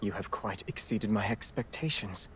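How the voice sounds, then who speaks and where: A woman voicing a refined young British man, speaking in a slow, formal, low-key way with a deep put-on voice. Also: slightly rough, full character voice, rough recording. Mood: composed.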